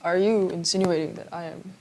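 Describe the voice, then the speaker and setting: Low-voiced woman chatting while she paints. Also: fairly even intonation, brisk, a little mellow, a little hiss or hum. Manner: self-deprecating, giggly, mumbles to herself while working. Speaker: painter on livestream. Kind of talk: casual chat while painting.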